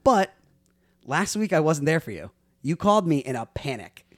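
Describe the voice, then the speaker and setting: A man co-hosting a casual podcast, telling stories with animated, high-pitched impressions of other people. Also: normal speed, dry recording, studio quality. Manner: animated storyteller, acts out high squealing quotes. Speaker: podcast co-host. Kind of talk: casual chat. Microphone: desk mic on arm.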